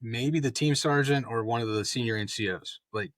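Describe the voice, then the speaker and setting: A man's voice: mid-range voice, normal speed, dry recording. A middle-aged man, a former special forces officer, telling stories in a casual interview and acting out the dialogue. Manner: animated storyteller acting out quoted dialogue. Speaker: podcast guest, former Green Beret officer.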